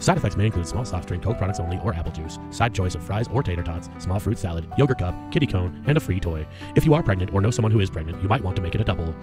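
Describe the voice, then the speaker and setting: A man reading a hushed, rushed ad disclaimer. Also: low-pitched, expressive, over music, pitched below the performer's own voice. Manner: hushed, rushed fine-print delivery. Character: rapid ad-disclaimer announcer, male adult. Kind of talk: mock commercial disclaimer.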